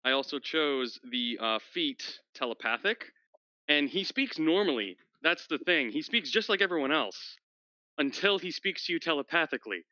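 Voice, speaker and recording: A man chats with his tabletop gaming group in a joking, animated way. His voice is very bright and smooth. It comes through a dull, muffled mic. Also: a little high, moderate pace, dry recording. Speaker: tabletop game player. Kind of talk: casual chat between players.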